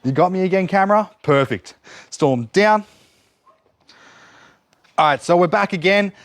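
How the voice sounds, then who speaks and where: A man's voice: high voice, lively intonation, a little slow, dry recording. A man demonstrating dog training outdoors, explaining each step while giving his dog short cues and praise. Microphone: camera set up nearby.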